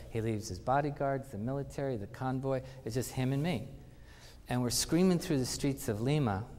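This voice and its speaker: A man's voice: medium pitch, a little hiss or hum. Man telling stories in a hall. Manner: animated anecdotes with acted-out quotes. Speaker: conference speaker. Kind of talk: storytelling conference talk. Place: conference hall. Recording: reverberant conference hall.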